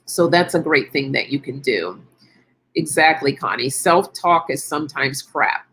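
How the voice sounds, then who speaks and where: Middle-aged lady hosting a wellness chat, low voice, kinda husky, encouraging and chatty. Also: animated, a little slow, a bit bright. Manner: encouraging, chatty, thinks aloud with fillers. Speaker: live stream host. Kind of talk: casual wellness chat reading viewer comments.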